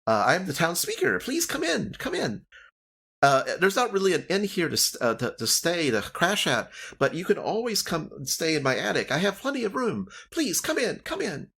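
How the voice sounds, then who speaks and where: A woman's voice: lowish voice, very animated, normal speed, vocal fry, a bit bright, slightly rough, pitched above the performer's own voice, full character voice. A man voicing a cheerful, fussy halfling woman who leads her town, chirpy and hospitable. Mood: welcoming.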